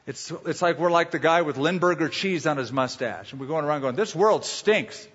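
A man's voice: on the high side, fairly quick, fairly bright tone, husky, highs cut off. Man preaching in a reverberant hall. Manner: emphatic preaching with rhetorical questions and storytelling asides. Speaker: pastor. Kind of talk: sermon.

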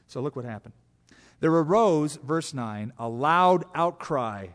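A pastor preaching an expository sermon, animated, acting out quotes from scripture in different voices. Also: male voice, on the high side, measured pace. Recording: long hall reverb.

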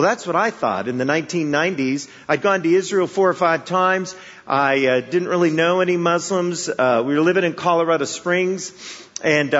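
A man's voice: fairly high pitch, a bit bright. A man from the Chicago area preaching a sermon, telling stories conversationally and with humor, asking the audience rhetorical questions. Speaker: guest preacher. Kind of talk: sermon with storytelling. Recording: echoey hall, dull sound.

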